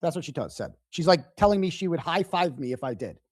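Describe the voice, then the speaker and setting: Man, livestream host, lively swooping pitch, dry close sound, indignant commentary. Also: fast talker, dry recording. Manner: animated, indignant retelling. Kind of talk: live reaction commentary.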